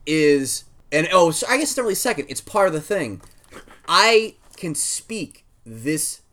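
Excitable man playing a tabletop game. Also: a little high, measured pace. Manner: excited, rambling, self-correcting. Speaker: player. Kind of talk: tabletop role-play chat.

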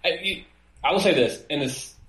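A man co-hosting a casual wrestling podcast, talking in an animated way and acting out quotes in a high mocking voice. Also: normal speed, roomy sound, rough recording. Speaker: podcast co-host.

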